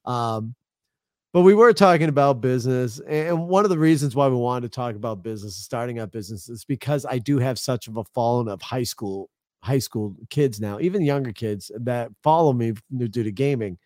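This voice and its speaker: A man's voice: mid-range voice, animated, a little fast, a little mellow, no echo. Rambling New man, dry mic. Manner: loose, rambling storytelling with frequent laughs and swearing. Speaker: podcast co-host. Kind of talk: casual chat.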